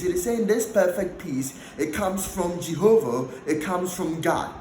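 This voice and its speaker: A man's voice: high-pitched, darkish tone, reverberant, a little hiss or hum, rough recording. A man preaching a sermon and teaching a Bible passage, repeating key phrases for emphasis.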